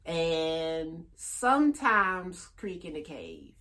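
A man in his thirties, a stand-up comedian chatting on a podcast, laid-back and halting, laughing often. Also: on the high side, very animated, pushed and bright. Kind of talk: casual podcast chat.

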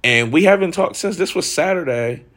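A man's voice: fairly high pitch, expressive, moderate pace, a bit bright. A man in his thirties hosting a candid personal monologue, frank and reflective, swearing freely and saying "like" a lot. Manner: frank, profane, reflective, lots of filler "like". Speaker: host.

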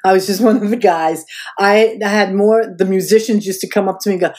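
As a guest on a podcast, an older woman recounts earlier events in an animated interview, acting out each quoted voice. She talks fairly quickly, with a fairly low pitch.

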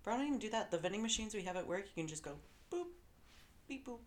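A woman's voice: mid-range voice, racing. A woman co-hosting a podcast, joking around in offhand, slangy casual chat. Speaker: podcast co-host.

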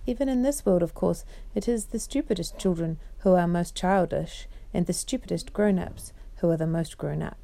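A woman reading a storybook chapter aloud at bedtime in a gentle, measured way. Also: on the low side, creaky.

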